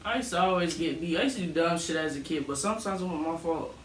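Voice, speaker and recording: A woman co-hosting a casual late-night chat, joking in an animated, slangy way about growing up. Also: low-pitched, fast, distant mic. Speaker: podcast co-host. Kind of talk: casual chat while smoking. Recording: echoey room, off-mic, faint noise.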